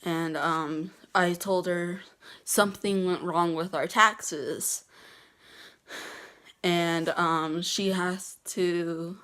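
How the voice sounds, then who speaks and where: A teenage girl recounts a story to her camera in a casual vlog. She talks slowly in a slightly low voice, stopping often to restart her sentences. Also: steady tone, a bit bright. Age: teens. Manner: halting, many ums and restarts, laughs at herself. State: getting emotional, near tears. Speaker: vlogger.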